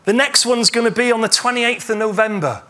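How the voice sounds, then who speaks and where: A man preaching a sermon as pastor, retelling a story with lively acted-out dialogue. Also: extremely high pitch, fairly quick. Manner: animated storytelling, acts out imagined dialogue.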